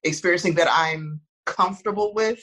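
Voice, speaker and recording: Woman, relaxed chat guest, lower voice, soft and soothing, reflective delivery. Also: normal speed, poor audio. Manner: thoughtful, calm, frequent restarts and laughs. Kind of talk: casual conversational chat.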